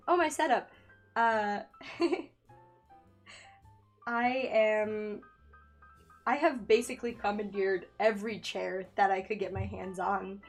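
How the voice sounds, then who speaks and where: Young woman streamer, home mic, middle pitch, giggly and flustered, faint music underneath. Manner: nervous, giggly, loses her train of thought. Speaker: streamer and digital artist. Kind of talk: casual live-stream chat while drawing. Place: home room by a window. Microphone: studio microphone in a makeshift home setup.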